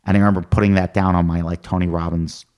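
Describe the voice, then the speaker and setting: A middle-aged male comedian telling animated stories in casual chat, acting out what people said. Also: deep voice, quick pace. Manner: animated anecdotes with quoted voices. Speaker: comedian guest.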